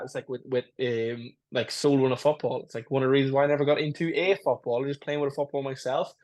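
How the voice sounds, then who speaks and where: A man talks fast and earnestly as a podcast co-host. He explains his points with many "it's like, listen" asides. His pitch is in the middle range. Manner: rapid, earnest, often says "it's like, listen". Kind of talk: casual chat.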